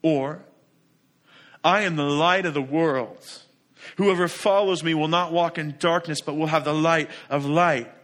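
A man preaching a sermon as pastor, emphatic and full of rhetorical questions, swinging between loud declaration and soft asides. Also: on the high side, steady tone, unhurried.

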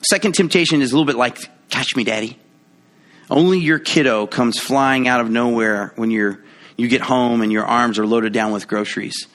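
A man preaching a sermon in a conversational, playful way, acting out quoted voices with big jumps in pitch. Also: a little fast, a bit bright. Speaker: pastor.

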